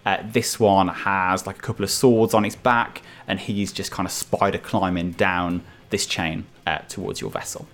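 A man's voice: low voice, steady tone, moderate pace, hardly any pauses, fairly bright tone. A man narrating as dungeon master in loose, filler-heavy descriptions. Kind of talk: narrating a tabletop game.

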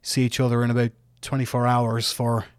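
A man, narrating a tabletop game as game master in a relaxed, laid-back way. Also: medium pitch, brisk, clear, resonant tone, no echo, clean studio sound.

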